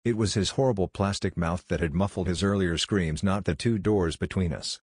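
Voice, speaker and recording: A man with a very low, husky voice reads a horror story in a measured, grave way. The sound is close and dry, with no room around it. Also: darkish tone, no room sound. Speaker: narrator. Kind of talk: scripted horror story narration.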